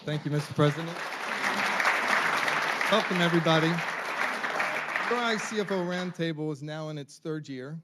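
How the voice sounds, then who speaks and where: A man with a fairly high voice moderates a university panel. He reads names and titles with frequent ums, heard through a distant mic in an event hall. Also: moderate pace, pauses often, a loud crowd, very noisy. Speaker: forum moderator.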